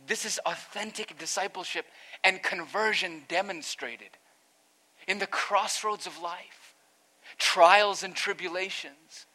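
A man's voice: sits high, takes it slowly, sharp tone. A man, a pastor, preaching an earnest expository sermon that rises to emphatic peaks.

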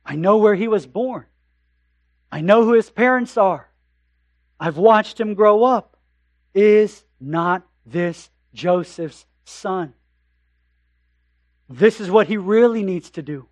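A man with a notably high voice preaches a sermon. He builds emphasis with repeated phrases and slows for scripture readings. The recording is close and dry. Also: animated, no room sound. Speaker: pastor.

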